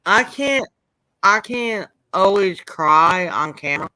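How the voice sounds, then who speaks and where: Man, near tears, halting, repetitive, slow, bright, dry close sound. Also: high voice, expressive, no room sound, rough recording. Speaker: interviewee. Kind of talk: emotional interview.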